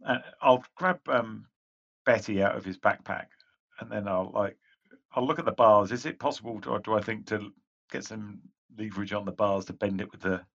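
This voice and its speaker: Low-voiced man with a dull sound. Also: normal speed, a bit bright. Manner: casual, rambling with fillers. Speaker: player. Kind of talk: playing a tabletop game.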